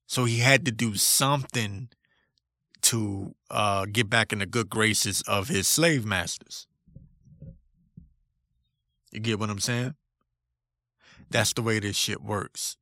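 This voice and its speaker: A man's voice: lowish voice, slow, pauses often, sharp tone, no echo, studio quality. A man hosting a solo podcast, ranting in a blunt, profane, combative way. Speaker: podcast host.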